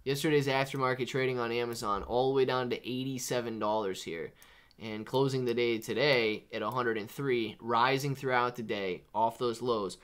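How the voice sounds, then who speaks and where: A man's voice: medium pitch, steady tone, normal speed, smooth. Casual man hosting a live stream. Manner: casual, reads chat names and shout-outs, says man and dude a lot. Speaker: livestream host. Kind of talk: live market stream chat.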